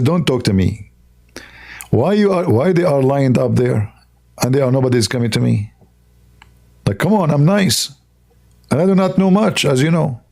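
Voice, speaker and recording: A man's voice: medium pitch, vocal fry, darkish tone. A man hosting a livestream, talking in broken, non-native English, rambling and sarcastic. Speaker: livestream host. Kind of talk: casual livestream talk.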